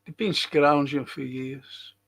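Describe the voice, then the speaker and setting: An older Liverpool-accented podcast host from England reads out viewer comments on a live stream and tells blunt, rambling stories laced with swearing. His fairly high voice has vocal fry and fairly even intonation, and he takes it slowly.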